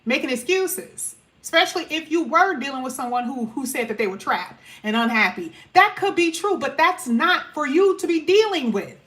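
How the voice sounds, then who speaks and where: A woman's voice: high-pitched, sing-song, moderate pace, hardly any pauses, fairly bright tone. A woman giving a casual, chatty tarot reading to her viewers, emphatic and full of casual slang. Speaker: tarot reader.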